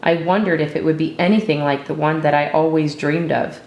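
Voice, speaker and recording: A woman narrating a story in the first person, with a steady, reflective storytelling manner, recorded in an echoey room. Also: sits low, fairly quick. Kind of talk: storybook reading.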